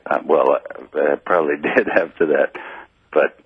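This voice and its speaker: A slightly drunk man calling in to a radio show, telling a long story in a rambling, halting way over a phone line. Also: extremely low pitch, fairly even intonation, husky, no echo. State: a little drunk. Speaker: caller. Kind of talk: call-in radio chat.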